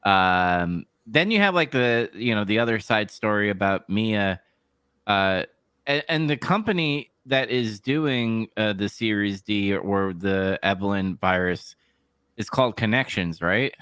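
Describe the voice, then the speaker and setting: Casual podcast co-host, male, lower smooth voice, dry close sound, relaxed with frequent chuckles. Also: unhurried, no room sound. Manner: laid-back, chuckles often. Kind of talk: casual game review chat.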